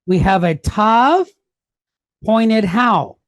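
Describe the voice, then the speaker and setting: A woman teaches a Hebrew lesson at an unhurried, deliberate pace, with a mid-range voice. She takes it step by step and often puts a question to the class before answering it herself. The sound is dry and close, with little room. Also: mid-range voice, expressive, dry recording.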